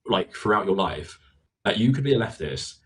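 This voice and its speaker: A man's voice: lowish voice, animated, normal speed, husky, poor audio. A man interviewing a guest, explaining at length with many fillers. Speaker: interviewer in a played clip. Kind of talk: conversational interview.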